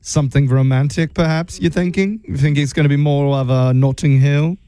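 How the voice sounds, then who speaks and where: A man voicing a cheeky, condescending airline customer care agent in a deliberately bad British accent. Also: fairly high pitch, fairly even intonation, dark tone, close to an everyday voice. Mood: smug teasing. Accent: bad put-on British. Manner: teasing, smug, condescending.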